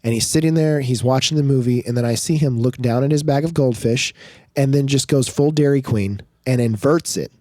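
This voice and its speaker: A man's voice: medium pitch, brisk, dry recording. Guy in his 30s telling a funny dad story on a podcast, acts out his kids, dry close mic. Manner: animated, acts out his kids' lines. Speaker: podcast co-host. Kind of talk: casual storytelling chat.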